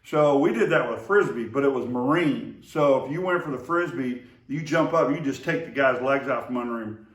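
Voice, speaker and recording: Reminiscing about his brother, this Oklahoma–Texas storyteller speaks at a middle pitch and a moderate pace, wandering loosely through his memories with many fillers and false starts. The clip has an echoing room sound, as he's positioned well away from the microphone.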